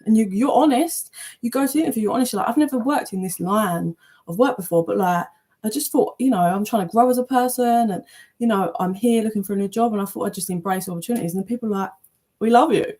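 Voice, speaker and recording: A woman giving a casual, chatty tarot reading, animated, with loose language and playful asides. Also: medium pitch, fast. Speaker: tarot reader.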